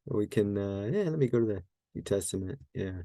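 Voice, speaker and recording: A man's voice: fairly low pitch, animated, fairly quick, warm tone, no echo. A man teaching a Greek grammar lesson in a casual, think-aloud way, often correcting himself and using many fillers. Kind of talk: casual screen-share lesson.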